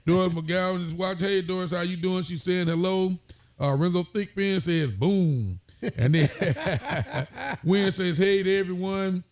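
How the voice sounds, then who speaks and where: A man's voice: high-pitched, measured pace. A man, a sheriff hosting a casual talk show, greeting viewers by name in a folksy way.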